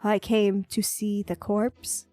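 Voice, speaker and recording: A woman voicing a morbid male doctor, lowering her voice into a dry, flat delivery. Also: slow pace, no echo, faint music behind, lightly acted. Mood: deadpan.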